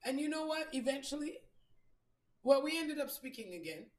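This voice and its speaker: A woman with a high voice tells her story bluntly and emphatically, cursing freely. She sounds like a podcast host talking off the cuff. The recording has a noticeably echoey room around her. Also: expressive, moderate pace, a little mellow. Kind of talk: candid storytelling monologue.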